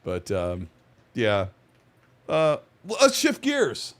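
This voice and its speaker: A man's voice: mid-range voice, wildly swooping pitch, slow pace. A man hosting a casual gaming podcast, talking defensively with frequent restarts. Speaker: podcast host.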